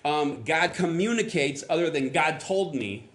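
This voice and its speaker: A man from Florida preaches in a relaxed, conversational way, like he is talking with the congregation. His voice sits a little high for a man. He tells stories with lively energy and acts out sounds and voices as he goes. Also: a little slow. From Florida, US South. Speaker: pastor. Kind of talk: conversational sermon.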